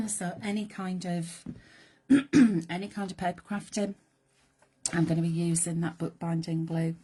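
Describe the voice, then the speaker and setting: Husky, mellow woman demonstrating crafts. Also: fairly low pitch, steady tone, measured pace. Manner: chatty and playful, drops to soft whispered asides while working. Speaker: crafting presenter. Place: craft studio.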